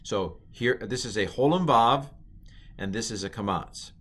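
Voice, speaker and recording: Relaxed man teaching with many ums. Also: on the low side, unhurried. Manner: relaxed, rambling, self-correcting, many ums. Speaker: Hebrew teacher. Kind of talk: informal recorded lecture.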